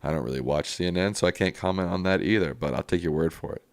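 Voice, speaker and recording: A man's voice: deep voice, fast, no echo. A man hosting a live stream, reading viewer comments aloud and answering them in a casual, plainspoken way.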